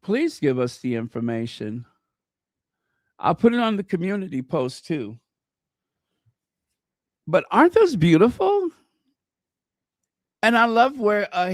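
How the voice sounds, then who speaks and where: A man's voice: sits high, dry recording, clean studio sound. A man hosting a casual livestream, gushing over gifts and greeting viewers by name. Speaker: channel host. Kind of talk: casual live-stream chat.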